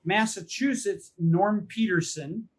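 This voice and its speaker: A man co-hosting a podcast in casual chat, briskly listing items in an easygoing way. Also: high-pitched. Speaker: podcast co-host.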